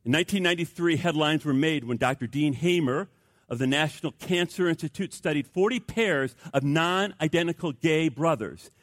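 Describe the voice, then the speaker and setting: An older man, a pastor, preaching a sermon with animated storytelling that swings between loud emphasis and hushed, quiet passages. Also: fairly high pitch, moderate pace, no echo.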